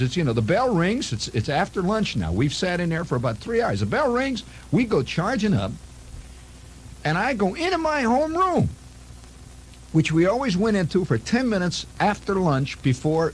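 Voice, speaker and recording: A man hosting a radio show, telling a long story in a chatty, animated way with chuckling asides. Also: a little high, slight background noise. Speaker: radio host. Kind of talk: spontaneous storytelling monologue. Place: radio studio.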